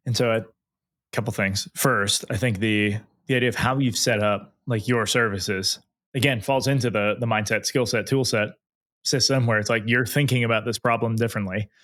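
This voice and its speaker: A man's voice: lowish voice, steady tone, normal speed, fairly bright tone, no echo, clean studio sound. A man hosting a business interview podcast, asking loose, rambling questions full of fillers. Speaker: podcast host.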